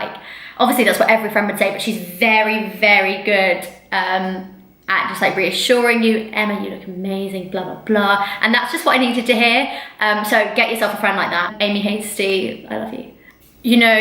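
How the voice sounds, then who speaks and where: A young woman from England with a mid-range voice and a sharp tone vlogs to camera as a fitness vlogger, chatty and rambling with lots of fillers. Recorded on a camera mic, the audio is low-quality and roomy.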